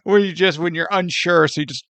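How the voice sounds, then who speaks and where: A man co-hosting a podcast, chatting casually about a film in an animated way, laughing and acting out scenes. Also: high voice, a little fast, vocal fry, no room sound. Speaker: podcast co-host. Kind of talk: casual movie chat.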